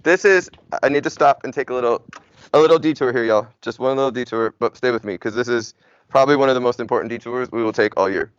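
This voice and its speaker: A man's voice: medium pitch, fast talker, clean tone, no room sound, dull audio. A young man, a native English speaker, teaching Spanish in a casual, chatty classroom lecture full of "like" and "y'all". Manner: chatty, informal, uses y'all and like.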